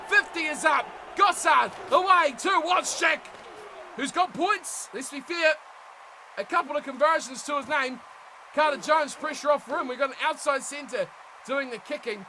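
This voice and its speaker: A young man giving animated play-by-play commentary on a rugby management game, shouting at big plays and chatting to viewers. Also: very high voice, normal speed, noisy background. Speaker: gaming commentator.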